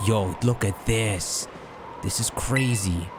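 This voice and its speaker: A man's voice: lowish voice, slow pace, background noise. A young man giving loose, joking let's-play commentary over game music. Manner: loose, joking, swears mildly. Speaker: gaming YouTuber.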